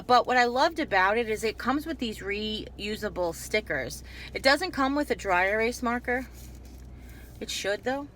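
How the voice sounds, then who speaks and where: A fairly bright, mid-range female voice comes through with a faint hiss or hum. The speaker is a YouTube haul vlogger talking in a loose, chatty way, wandering off topic and often breaking off mid-sentence to begin again.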